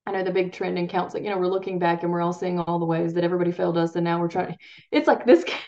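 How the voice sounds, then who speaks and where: A woman's voice: on the low side, steady tone, very fast, a little mellow. Chatty woman parenting coach, dull lo-fi sound. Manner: rambling, self-interrupting, laughs at herself. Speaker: parenting coach and podcast guest. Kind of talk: casual conversational interview.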